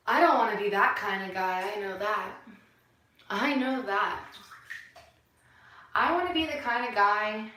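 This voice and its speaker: A woman with a sharp, bright voice rambles through a spiritual monologue, musing and preachy. She is recorded far from the mic in a room full of echo. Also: mid-range voice. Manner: musing and preachy, with soft laughs and sighs. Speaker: vlogger.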